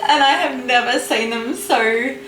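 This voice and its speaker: A woman's voice: high-pitched, a little slow, background noise. A young Australian woman chatting casually in a bubbly, gushing vlog, laughing easily. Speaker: vlogger.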